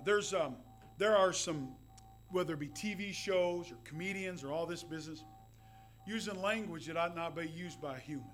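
High-voiced preacher. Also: male voice, a bit bright. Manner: folksy storytelling with asides. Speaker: pastor. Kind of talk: sermon.

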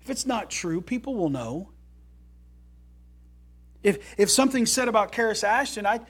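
A man preaching a sermon as pastor, folksy and animated, mixing loud emphatic lines with quiet low asides and jokes. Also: moderate pace, long pauses.

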